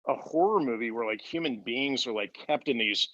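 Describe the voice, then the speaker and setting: A man's voice: medium pitch, expressive, normal speed, a bit bright, no room sound. A man as an interview guest, telling his story casually, with many fillers and restarts. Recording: dull lo-fi dry sound.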